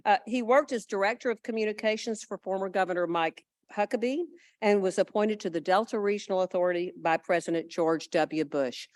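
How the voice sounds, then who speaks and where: A woman's voice: mid-range voice, fairly quick, darkish tone, no room sound. A woman introducing panelists at a club meeting, breaking off for chatty asides. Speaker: event introducer. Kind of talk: reading speaker introductions.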